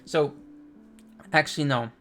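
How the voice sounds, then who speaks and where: A man's voice: fairly high pitch, a little slow, a bit bright, soft background music. A man casually reacting to and reviewing a manga chapter, thinking aloud and correcting himself as he goes.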